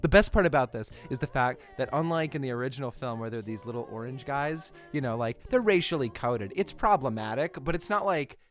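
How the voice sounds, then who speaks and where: A young adult film commentator delivering a comedic, profanity-laced rant, self-mocking and animated. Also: medium pitch, a little fast, few pauses, soft background music.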